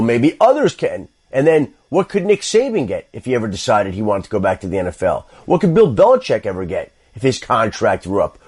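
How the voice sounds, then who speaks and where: A man with a mid-range voice gives football analysis on sports radio. He is measured and methodical, and he keeps circling back to his key points. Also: medium pitch, darkish tone, breathy edge. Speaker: football insider.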